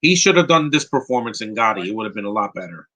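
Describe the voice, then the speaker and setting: A man from New York runs a live film commentary podcast with a bright, tense voice. He rambles from one opinionated take to the next, often restarts his sentences, and answers chat questions as they come in. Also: lowish voice, big pitch swings, fast, low-quality recording. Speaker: podcast host.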